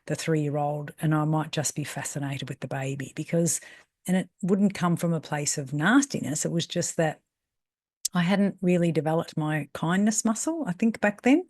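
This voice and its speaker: A woman's voice: low-pitched, darkish tone, no room sound, clean studio sound. A woman, a salon mentor telling personal stories in a rambling, chatty way. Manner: chatty, rambling, with fillers and self-corrections; acts out voices in quoted speech. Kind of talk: casual storytelling monologue.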